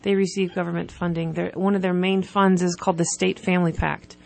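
A woman from California speaks as a guest on a talk program, with a touch of vocal fry in her voice. She explains her case earnestly and presses her points by listing one after another. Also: on the low side, little pitch movement, fairly quick, darkish tone. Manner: earnest, builds emphasis when listing points. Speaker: guest, nonprofit representative. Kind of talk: radio talk interview.

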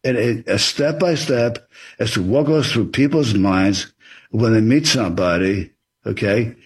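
A man's fairly low voice, carrying a breathy edge, unfolds a little slowly as he's interviewed as an author. He explains earnestly, giving advice and acting out example dialogue.

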